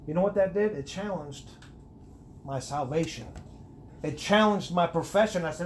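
A middle-aged man giving a personal testimony in a conversational interview, earnest, with many restarts, rising and getting animated at emphatic points. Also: fairly high pitch, moderate pace, long pauses, a little hiss or hum. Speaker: guest sharing his testimony.

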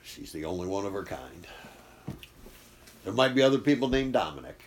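A man preaching a sermon, impassioned, swinging from loud bursts to hushed intensity. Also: deep voice, big pitch swings, normal speed, a little hiss or hum.

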